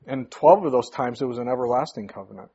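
A man's voice: medium pitch, fast, mellow, husky. A male pastor preaching a sermon, emphatic, his voice rising sharply on key points. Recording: muffled lo-fi recording.

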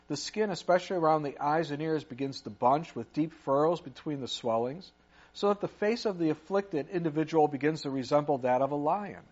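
A man preaching a sermon, retelling a story with lively asides and acted-out voices. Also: fairly high pitch. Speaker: pastor. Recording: muffled lo-fi recording.

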